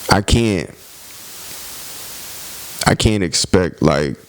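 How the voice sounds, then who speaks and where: A man's voice: deep voice, lively intonation, drawn-out words, slight background noise. A man hosting a podcast, talking in a blunt, profane, passionate monologue about faith and self-improvement. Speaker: podcast host.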